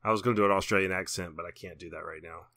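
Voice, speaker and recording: A man's voice: sits low, fairly even intonation, racing, a crowd in the background. A man co-hosting a horror film podcast, casually chatting and reading out release details with offhand asides. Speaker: podcast co-host. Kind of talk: casual chat.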